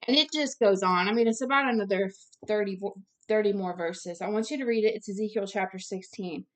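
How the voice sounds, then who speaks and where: A woman of ordinary pitch reads scripture aloud in an earnest, plain way. She breaks off to comment directly to her listeners. She sometimes trips over long words and tries them again. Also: a little fast. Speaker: Bible teacher.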